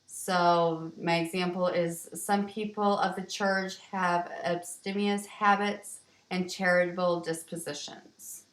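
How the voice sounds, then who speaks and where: A woman teacher walking students through vocabulary words in a slow, explanatory way, with ums and restarts. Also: fairly low pitch, level tone. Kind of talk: vocabulary lesson walkthrough. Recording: roomy, distant from the mic.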